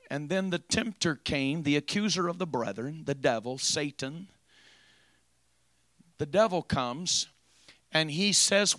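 A man preaching a sermon, moving from quiet storytelling to loud, drawn-out preaching. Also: fairly high pitch, no echo, clean studio sound.

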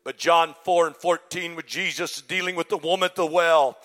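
Bright-voiced preacher shouting about pride. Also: male voice, a little high, moderate pace. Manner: swings from shouted preaching to hushed, breathy confession. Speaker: pastor. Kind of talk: sermon. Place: church sanctuary.

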